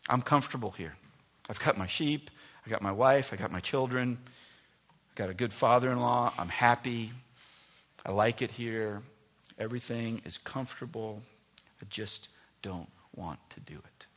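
A male pastor preaching a sermon, swinging between loud emphatic lines and soft near-whispers. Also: medium pitch, moderate pace, long pauses.

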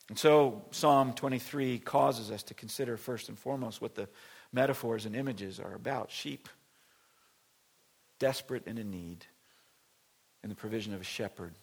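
A man preaching a sermon in church, emphatic, with dramatic swings from loud declarations to hushed near-whispers. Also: medium pitch, creaky, breathy edge. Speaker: pastor.

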